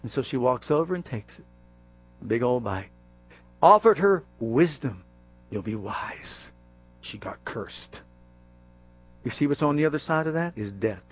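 A male preacher giving a sermon, animated and jokey, acting out scenes as he goes. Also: a little high, moderate pace.

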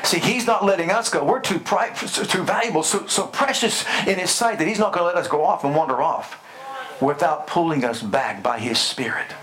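An older man preaching a sermon, his voice sitting a little higher than most men's. He builds rhythmic runs of repeated phrases and draws the congregation in with call-and-response prompts. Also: moderate pace, fairly bright tone. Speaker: pastor.

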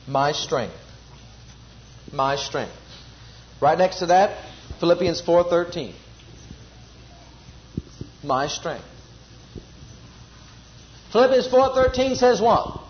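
Preacher guy w a really high voice, punchy repetitive delivery, muffled lo-fi sound. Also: slight background noise. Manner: emphatic, repetitive, leads congregation in responses. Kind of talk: sermon.

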